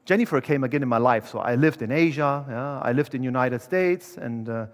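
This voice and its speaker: A man's voice: medium pitch, fairly quick. A young adult man, a motivational speaker, telling a personal story to employees in a candid, chatty way and acting out what people said. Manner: candid, chatty, acts out dialogue. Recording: long reverb of a large hall.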